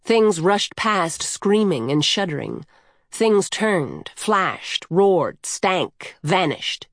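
A woman narrating a literary story in a measured, rhythmic way. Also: lowish voice, expressive, no room sound, clean studio sound.

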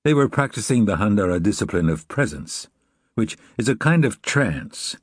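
Male audiobook narrator, low and slightly husky voice, dry close recording, measured reflective read. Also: very animated, no echo. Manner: measured, reflective, evenly paced reading. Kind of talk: scripted narration.

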